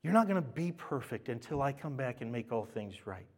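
A man voicing God as a gentle, loving father, speaking softly and partly in a whisper. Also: mid-range voice, very animated, a little fast, slightly rough. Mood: tender. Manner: soft, hushed, partly whispered.

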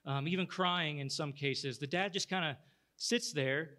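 A man's voice: fairly high pitch, unhurried, bright, forceful tone. A male pastor preaching, telling a story in a conversational way with many restarts. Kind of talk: sermon.

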